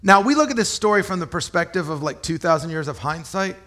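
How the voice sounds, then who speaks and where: Higher-voiced man preaching a sermon. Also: animated, fast talker, pushed and bright. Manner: conversational, explains scripture plainly and asks rhetorical questions. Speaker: pastor.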